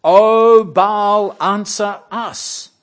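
Frenzied prophets of Baal cry out in a high, straining shout, as a preacher puts them on. The voice climbs well above his usual talk and pushes hard and loud. Each plea is a desperate wail, flung out at full volume. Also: steady tone, drawn-out words. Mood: frantic pleading.

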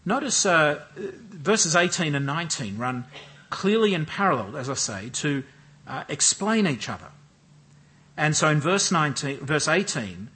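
A man preaching an expository sermon with a measured, emphatic delivery, often repeating and stressing key phrases. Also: on the high side, sing-song, pushed and bright, slightly rough.

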